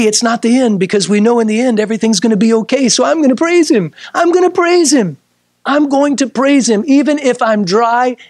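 Husky man pastor preaching in a church, dry close sound, quotes old scripture wording. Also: high voice, dry recording. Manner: preaching, quoting scripture in old-style wording, rising to emphatic bursts. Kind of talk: sermon. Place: church sanctuary.

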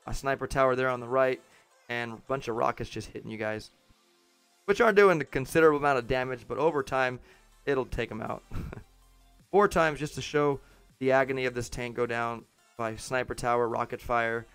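A man's voice: mid-range voice, a little fast, a bit bright, smooth, no room sound, faint music behind. A man casually commenting on his game while livestreaming, chatting with viewers and chuckling often. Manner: chatty, chuckling, talks to chat. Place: home setup with green screen.

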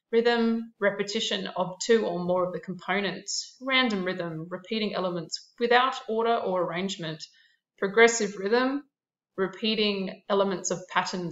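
A woman's voice: mid-range voice, reverberant, muffled recording. A woman art teacher narrating a classroom lesson, explaining terms and listing examples with a few fillers.

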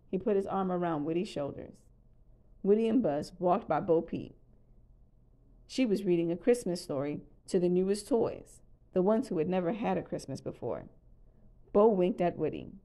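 A woman calmly narrating a children's storybook read-aloud. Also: lowish voice, normal speed. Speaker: storybook reader.

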